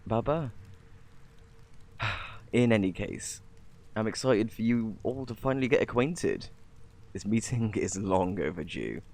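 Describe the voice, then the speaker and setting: A British man voicing a gentle, protective male alien parent in a whispered role-play. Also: on the low side, heavily acted. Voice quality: soft, breathy, tender. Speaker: ASMR performer.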